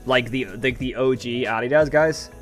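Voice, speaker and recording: A man's voice: mid-range voice, normal speed, faint music behind. A young Irish man hosting a live stream, chatting casually and rambling as he answers viewers' comments. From Ireland. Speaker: livestream host.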